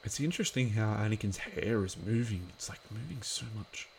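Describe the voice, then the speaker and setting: A man chats his way through a casual watch-along commentary of an episode, rambling and full of filler words. His voice is lowish and animated, his pace brisk, with a little hiss or hum on the recording.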